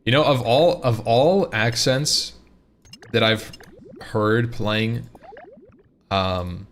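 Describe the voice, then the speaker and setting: A man's voice: medium pitch, very slow, a bit bright, slight background noise. Rambling male streamer chatting with viewers. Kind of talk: casual live-stream chat.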